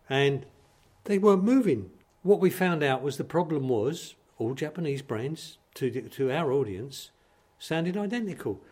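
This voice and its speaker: A man's voice: medium pitch, dark tone. Blunt older man telling ad stories. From East London. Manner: blunt, punchy, anecdotal. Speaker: advertising executive guest. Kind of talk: interview storytelling.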